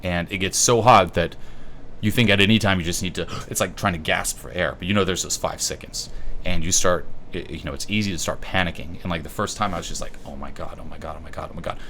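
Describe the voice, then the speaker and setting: Low-voiced French-native man, loose and profane. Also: pushed and bright, a little hiss or hum. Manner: loose and profane, with a slight halting quality. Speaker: YouTube host. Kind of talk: casual self-help monologue.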